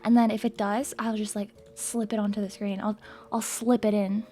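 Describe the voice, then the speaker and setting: A young woman livestreamer chatting casually with viewers, playful and excitable, swearing and breaking into loud screams and laughs. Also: mid-range voice, moderate pace, soft background music. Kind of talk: casual chat to stream viewers.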